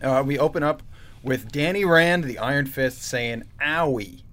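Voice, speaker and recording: A man co-hosts a casual chat and gives a steady summary. His voice sits in an ordinary middle range. He keeps the pace easy. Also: medium pitch, normal speed. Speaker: podcast co-host. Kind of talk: casual chat reviewing comics.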